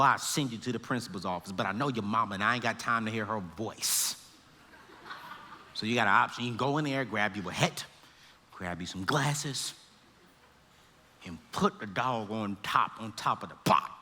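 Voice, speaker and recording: A man's voice: fairly low pitch, moderate pace, bright, forceful tone, voice pushed down. A man voicing a stern, scolding woman science teacher in an echoey hall. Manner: scolding, no-nonsense.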